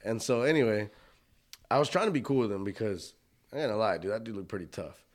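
A man's voice: lowish voice, fast. A man casually telling a profane bar story, acting out the voices of the people in it.

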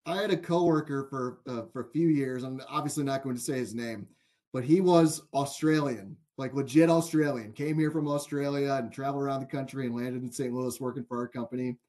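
A man's voice: medium pitch, a little fast, darkish tone. A man hosting a sports betting podcast, chatty and amused, telling stories and filling gaps with "like". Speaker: podcast host. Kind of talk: casual sports betting chat.

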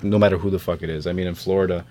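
Low-voiced, profane casual podcast guy. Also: steady tone, racing, a little mellow. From New York tri-state area. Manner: casual, swears a lot, trails off with fillers. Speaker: podcast host. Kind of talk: casual group chat.

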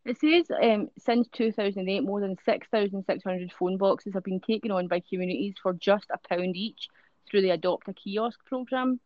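A woman's voice: medium pitch, moderate pace, dry recording. A woman with a Dundee Scottish accent co-hosting a podcast, chatting casually, swearing freely and laughing often. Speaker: podcast co-host. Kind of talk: casual chat. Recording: dull lo-fi sound.

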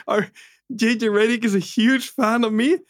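A man co-hosting a podcast, telling an anecdote in a lively, laughing way. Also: very high-pitched, unhurried, no room sound, clean studio sound. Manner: animated, laughs through his own story. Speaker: podcast co-host. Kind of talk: casual podcast storytelling.

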